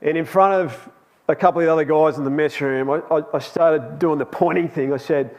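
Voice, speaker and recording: A man's voice: a little high, fairly quick, darkish tone. Chatty man preaching. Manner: chatty and anecdotal, with laughs and restarts. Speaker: preacher at a youth Bible class. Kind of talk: storytelling sermon. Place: church hall.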